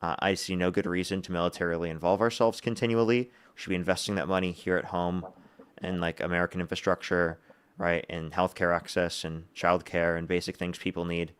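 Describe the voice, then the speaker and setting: A man hosting a live political debate, calm and argumentative, with frequent "like" and "um" fillers. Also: low-pitched, fairly quick, clear, resonant tone. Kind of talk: casual debate.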